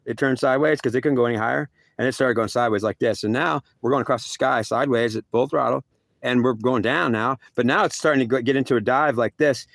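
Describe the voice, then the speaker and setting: A man's voice: mid-range voice, no room sound. A man telling a rambling first-person story, repeating himself and filling with "like" and "literally.".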